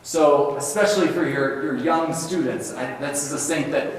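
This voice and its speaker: A man's voice: fairly high pitch, moderate pace, a little hiss or hum. A man in his thirties, a teacher giving a talk, telling stories with sound effects and restarts. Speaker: religion teacher and speaker. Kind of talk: talk on saints. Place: large hall at a spiritual center. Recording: echoey hall, mic far off.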